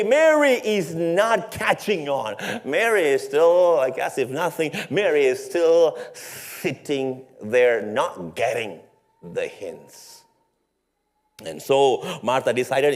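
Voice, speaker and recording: Male pastor, sermon, unhurried delivery, fairly high voice, rhetorical and playful with the congregation. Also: animated.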